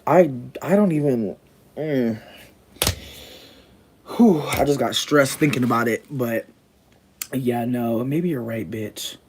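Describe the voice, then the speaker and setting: A woman chatting casually with her livestream viewers, cursing constantly and jumping into high squeals. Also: slow pace, pauses often, darkish tone, slight background noise.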